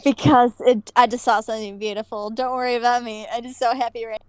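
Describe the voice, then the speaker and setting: A woman's voice: on the high side, flat delivery, fast, smooth, dry recording. A woman playing a tabletop game, speaking in character with a wry, understated manner. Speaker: player.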